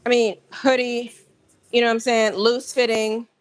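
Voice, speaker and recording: A woman hosting a casual livestream from a gym, talking straight to her viewers in an animated, rambling way. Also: fairly high pitch, moderate pace, no echo. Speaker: livestream host. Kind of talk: casual live-stream chat.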